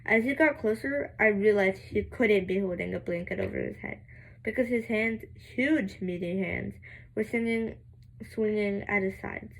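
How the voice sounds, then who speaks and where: A young woman reading a novel aloud, halting and restarting words, with giggling asides. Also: mid-range voice, creaky, rough recording. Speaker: amateur reader.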